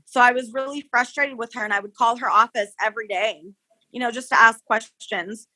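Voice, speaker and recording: A woman's voice: fairly high pitch, a little fast, poor audio. A woman, the victim's niece, recounting events casually in an interview and acting out the people she quotes. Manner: animated storyteller, acts out quoted people.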